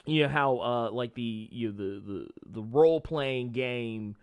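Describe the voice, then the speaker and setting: A man's voice: mid-range voice, a little slow, clean tone. A man hosting a casual interview chat, rambling with many restarts and frequent laughter. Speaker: podcast host.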